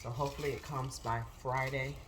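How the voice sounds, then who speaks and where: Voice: medium pitch, steady tone, brisk, background noise. A crochet vlogger chatting casually and rambling aloud, out of breath as they talk through their market prep. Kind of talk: casual chat.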